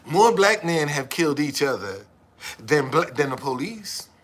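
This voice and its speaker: Man, seventies, missing tooth, preachy profane rant, high-pitched, sharp forceful tone. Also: sing-song, measured pace. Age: 70s. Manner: emphatic, preachy, swears often. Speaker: live streamer.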